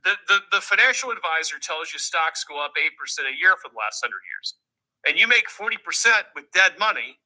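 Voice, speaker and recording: A man's voice: sits high, huge pitch swings, fast, pushed and bright, low-quality recording. A man giving money advice in a lecturing way, asking rhetorical questions and answering them himself. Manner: emphatic, repeats rhetorical questions. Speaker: financial commentator in a played clip.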